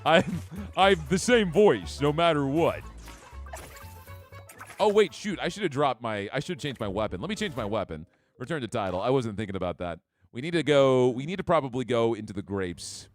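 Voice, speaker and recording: A man's voice: mid-range voice, lively intonation, quick pace. A man streaming a game live, chatting casually with his chat and reading out card effects. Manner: chatty, upbeat, reads chat. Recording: faint background music.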